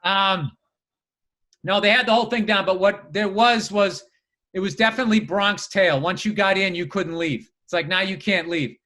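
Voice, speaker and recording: A man co-hosting a podcast in casual chat, telling stories in an animated way, swearing and acting out what people said. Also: sits high, moderate pace. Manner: animated storyteller, swears a lot, acts out voices. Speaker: podcast co-host.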